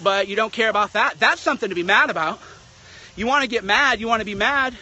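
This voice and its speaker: A man's voice: sits high, lively intonation, fast talker, sharp tone. A man delivering a blunt, sarcastic political rant as a commentator. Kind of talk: ranting monologue.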